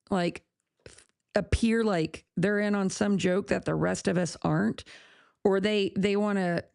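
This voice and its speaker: A woman's voice: medium pitch, creaky, a little mellow, no echo, studio quality. A woman hosting a podcast, ranting bluntly and casually, with profanity and laughs at her own jokes. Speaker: podcast host.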